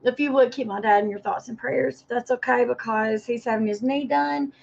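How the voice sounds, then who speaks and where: A woman's voice: a little high, fairly even intonation, brisk, vocal fry, a little mellow. A woman chatting on a livestream, rambling and apologetic as she talks to viewers by name. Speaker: livestream host. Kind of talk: casual livestream chat. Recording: dull lo-fi livestream audio.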